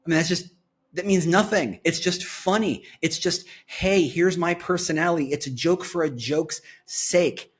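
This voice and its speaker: A husky-voiced man reacts to a company's website as he clicks through it, reading lines aloud and then breaking into commentary. His pitch sits a little high and swings widely, leaping up whenever something delights him. It sounds like he is talking into a desktop mic while recording his screen. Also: unhurried. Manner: excitable, reads site copy aloud and reacts. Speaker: employer branding commentator. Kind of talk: screen-share website review.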